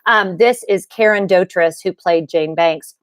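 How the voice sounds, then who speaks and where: A woman hosting a casual livestream, chatting excitedly with viewers and rambling, restarting and gushing as she goes. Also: fairly low pitch, a little slow, dry recording, clean studio sound. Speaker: livestream host.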